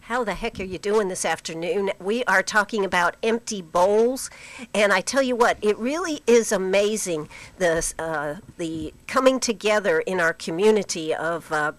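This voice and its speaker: A woman hosting a radio talk show in a chatty, easy manner, her voice hoarse. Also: mid-range voice, a bit bright, dry recording, poor audio. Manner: chatty, laughs easily. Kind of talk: casual on-air chat.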